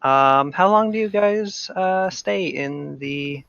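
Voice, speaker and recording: Brief: a game master at a tabletop session, gravelly voice, dry and dull lo-fi sound. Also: medium pitch, slow pace, fairly bright tone, dry recording. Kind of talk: tabletop role-play.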